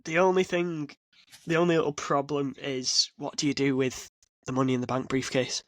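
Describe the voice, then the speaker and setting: A man co-hosting a casual podcast, talking excitedly and rambling with frequent restarts. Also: mid-range voice, moderate pace, no echo. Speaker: podcast co-host. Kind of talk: casual chat. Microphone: podcast mic.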